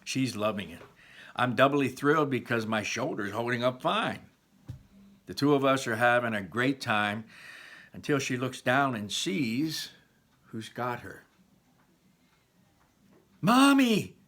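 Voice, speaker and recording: A man, a teacher, reading a first-person novel aloud with expressive storytelling. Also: medium pitch, unhurried.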